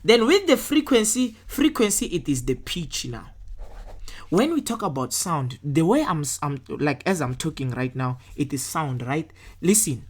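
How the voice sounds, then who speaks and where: Casting note: woman, very low voice, patient science tutor walking through test answers, keeps asking "right?". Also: very animated, measured pace. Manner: checks in often with "right?"; talks through worked answers step by step.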